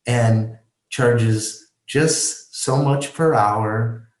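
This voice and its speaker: A man guest on a podcast, slowly retelling a deeply personal story with halting restarts and quoted dialogue. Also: a little mellow, roomy sound, poor audio.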